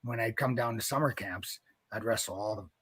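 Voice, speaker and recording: A man's voice: on the low side, fairly quick, a bit bright, slightly rough. A man in his fifties from North Dakota, a wrestling coach being interviewed, telling a long story in a rambling way with many restarts.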